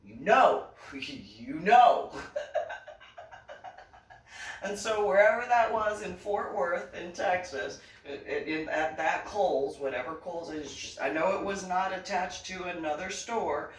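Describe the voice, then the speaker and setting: A woman's voice: lowish voice, lively intonation, measured pace. Chatty woman in a roomy echo. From New Jersey. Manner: chatty, laughing often, acting out dialogue. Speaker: vlogger. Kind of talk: casual storytelling monologue. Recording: roomy sound, distant mic.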